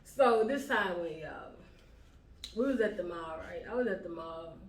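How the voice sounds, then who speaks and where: Young woman, slangy and relaxed, mid pitch, off-mic, echoey. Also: a little slow, distant mic. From Houston, Texas. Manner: laid-back, slangy. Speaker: vlog co-host. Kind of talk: casual mukbang chat. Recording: echoey room, a bit off-mic.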